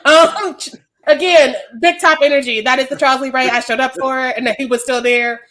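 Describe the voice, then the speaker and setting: A woman's voice: high-pitched, steady tone, brisk, sharp tone. A woman co-hosting a casual podcast chat, blunt and profane in her opinions. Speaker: podcast co-host.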